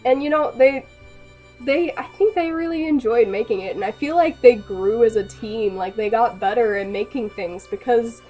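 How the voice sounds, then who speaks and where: A young adult woman in a casual, rambling rant to camera, excitable and quick to laugh. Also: on the high side, soft background music. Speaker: animator and vlogger.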